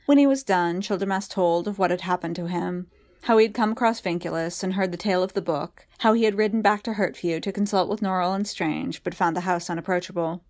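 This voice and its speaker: A woman with a lowish voice reading fiction aloud. She narrates in a measured, even manner, steady and unhurried in the style of an audiobook.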